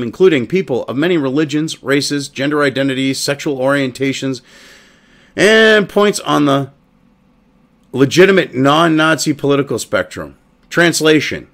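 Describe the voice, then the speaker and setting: A man's voice: fairly high pitch, lively intonation, normal speed, fairly bright tone. A man hosting a commentary show, ranting profanely and mocking a statement as he reads it aloud.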